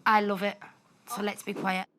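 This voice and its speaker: A woman's voice: mid-range voice, flat delivery, moderate pace. A young woman teacher talking casually, amused and easily laughing, with filler ums. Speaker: form teacher. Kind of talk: casual interview and classroom talk. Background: background music.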